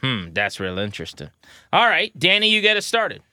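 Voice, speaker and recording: A man's voice: on the high side, huge pitch swings, a little fast, sharp tone, no echo, studio quality. A man in his thirties co-hosting a sports podcast in a casual, joking way. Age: 30s. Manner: joking, playful. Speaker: podcast co-host.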